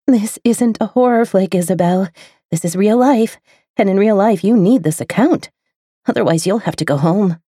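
Female audiobook narrator, low and mellow, intimate expressive read. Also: no room sound, clean studio sound. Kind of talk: first-person romance narration.

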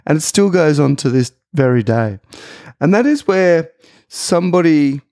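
Middle-aged Australian man, podcast co-host. Opinionated ranter, gravelly tone, dry close sound. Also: on the high side, lively intonation, moderate pace, darkish tone, no room sound. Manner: ranting, opinionated. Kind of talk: casual chat.

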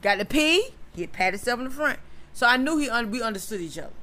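A woman's voice: a little high, expressive, fast, pushed and bright. A middle-aged woman, animatedly telling family stories in a casual chat and laughing often.

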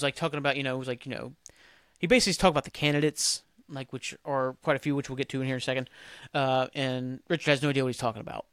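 A man with a fairly high voice talks alone on his podcast, rambling and cursing freely as he recaps. His speech is packed with "like" and "um." The sound is dry and close, with no room echo. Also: a bit bright, clean tone. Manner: rambling and profane, heavy on "like" and "um". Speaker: podcast host. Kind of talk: casual solo podcast recap.

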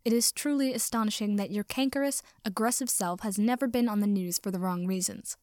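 A woman's voice: medium pitch, brisk, a little mellow, no room sound, studio quality, natural voice. A woman voicing a pompous, formal young man who speaks with stiff precision. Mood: blunt.

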